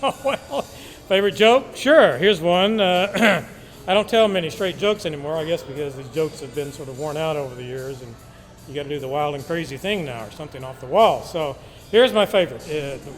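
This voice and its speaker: A man in his sixties who rambles and keeps clearing his throat while answering interview questions about comedy. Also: a little high, moderate pace, soft background music. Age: 60s. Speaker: comedy student.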